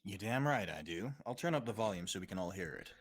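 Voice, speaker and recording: A man's voice: deep voice, expressive, quick pace. A man playing a tabletop game, laid-back, sometimes speaking in character as a security guard. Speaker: player. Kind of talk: casual tabletop role-play.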